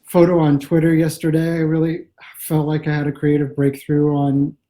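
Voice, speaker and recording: A man's voice: on the high side, completely flat delivery, moderate pace, dark tone, low-quality recording. A man from the American Midwest, a comic writer as an interview guest, talking over a video call in a thoughtful, rambling way. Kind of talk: casual interview chat.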